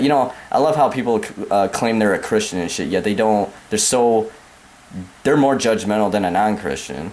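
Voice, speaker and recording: A man's voice: on the low side, animated, a little fast, darkish tone, slight background noise. A young American man ranting angrily to camera, profane and repetitive, calling the listener man and dude. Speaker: vlogger. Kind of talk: angry rant to camera.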